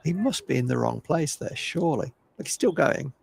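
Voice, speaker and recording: An older man giving chatty, opinionated live cricket commentary, with a gravelly voice. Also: on the high side, animated, normal speed, darkish tone. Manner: chatty, opinionated, self-deprecating.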